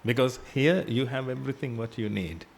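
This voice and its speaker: A man's voice: medium pitch, fairly quick, gravelly. A man giving a Buddhist sermon in a temple hall, teaching through repetition and rhetorical questions and dropping his voice when he addresses his listeners. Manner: drops his voice on "ladies and gentlemen".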